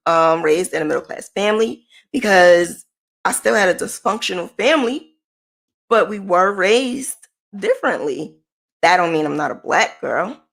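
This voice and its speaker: Candid, emphatic woman mentor. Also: vocal fry. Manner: candid, emphatic, conversational, with lively pitch swings. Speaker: small business owner and mentor. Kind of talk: motivational personal talk to camera.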